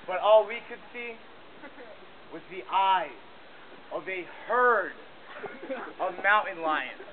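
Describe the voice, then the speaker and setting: A man telling a mock-heroic tall tale for a contest, in a deadpan, boastful way. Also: high voice, slow pace. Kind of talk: mock-heroic storytelling performance. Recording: tinny lo-fi camcorder audio with hiss.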